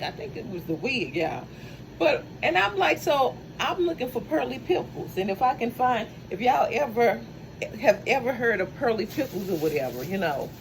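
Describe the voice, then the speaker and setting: A woman's voice: a little high, background noise. A woman chatting casually in a vlog, folksy and talkative, calling her viewers honey and baby. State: out of breath. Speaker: vlogger.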